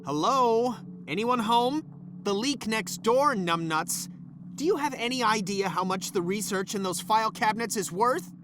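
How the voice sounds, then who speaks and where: A man's voice: high voice, animated, moderate pace. An actor voicing an irritable, bossy male scientist in a video game, snapping insults and then grudgingly apologizing. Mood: angry. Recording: game audio with background noise.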